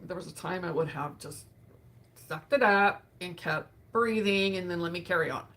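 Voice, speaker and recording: A woman hosting a live session, speaking in a soft, emotional way with sighs and pauses while tearful. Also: on the low side. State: tearful, grieving. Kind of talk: reflective live talk.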